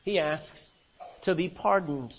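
A man's voice: on the high side, slow pace, lo-fi sound, slight background noise. A man preaching an expository sermon. He reads scripture verse by verse, then explains it with questions to the congregation. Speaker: pastor.

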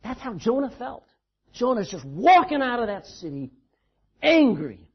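Emphatic preacher man, husky and lively. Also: extremely high pitch, unhurried, lo-fi sound. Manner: emphatic, dramatic storytelling preacher. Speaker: pastor. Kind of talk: sermon. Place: church.

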